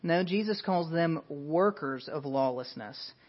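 A man's voice: a little high, unhurried. Earnest man preaching, lo-fi sound. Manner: earnest, emphatic preaching with rhetorical questions. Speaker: pastor. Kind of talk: sermon. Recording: dull lo-fi sound.

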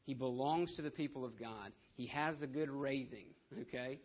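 A man preaching a sermon in a conversational way, often checking in with "right?" and slowing down to read scripture. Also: medium pitch, lo-fi sound. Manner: slows down to stress scripture.

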